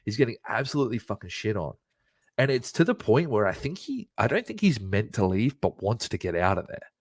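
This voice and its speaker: A man co-hosting a podcast, retelling a wrestling show in excited, profane casual chat. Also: on the low side, fairly quick, dry recording, clean studio sound. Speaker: podcast co-host.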